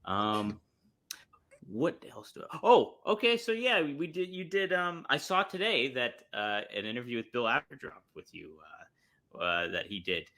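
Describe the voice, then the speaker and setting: A man co-hosting a podcast in casual chat, answering with quick, short remarks. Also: medium pitch, big pitch swings, sharp tone. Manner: reacts often with short remarks and laughs. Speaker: podcast co-host.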